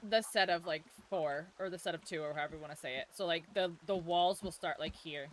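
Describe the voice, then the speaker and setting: A woman's voice: lowish voice, fairly quick, slight background noise. A woman streaming a game, chatting casually, laughing often and fighting off the hiccups. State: has the hiccups. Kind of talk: casual gameplay chat.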